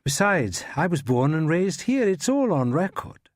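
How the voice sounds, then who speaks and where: A man's voice: a little high, very animated, measured pace, no echo, studio quality. A man reading a nervous, evasive older academic. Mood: defensive. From Scotland. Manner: evasive, defensive. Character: nervous older male academic under questioning.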